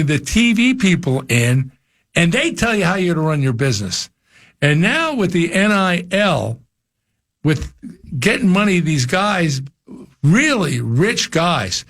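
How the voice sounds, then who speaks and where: An older man from New Jersey talks football on the radio in a rambling, casual way, often stumbling over his first words. His voice sits a bit high and swings widely in pitch. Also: fairly bright tone. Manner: rambling, repeats words when starting thoughts. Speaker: former college football coach, guest. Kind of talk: casual radio sports talk.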